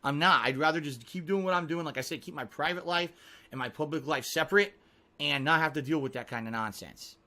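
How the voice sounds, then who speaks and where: A male streamer in a profane, heated rant at his viewers. His voice is tense and forceful, sitting a little higher than most men's. He talks off the cuff and is quick to fire back at chat. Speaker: live streamer. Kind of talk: unscripted stream talk to chat.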